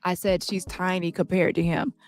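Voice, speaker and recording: A woman reading the part of a man testifying in court, recounting events in a plain, halting way, with faint music behind. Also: fairly low pitch, little pitch movement, no echo, close to an everyday voice. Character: shaken male witness testifying at trial.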